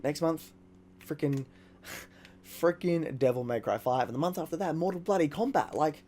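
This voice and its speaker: A man talking casually over a video game he is playing, excitable and rambling, swearing often. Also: fairly high pitch, normal speed. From Australia. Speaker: gaming YouTuber. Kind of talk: casual let's-play commentary.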